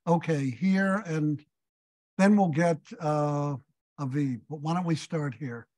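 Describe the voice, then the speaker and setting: A man giving a lecture as a visiting scholar, telling stories and leading an audience discussion with thoughtful pauses. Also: fairly high pitch, a little mellow, rough recording. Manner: storytelling, thoughtful, hesitant fillers. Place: synagogue hall.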